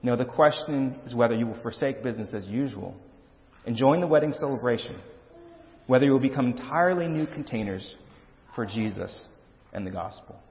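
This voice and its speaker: A man's voice: medium pitch, expressive, fairly quick. A man preaching a sermon as pastor, earnest and emphatic, often restarting his words. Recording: dull lo-fi sound with long reverb in a hall.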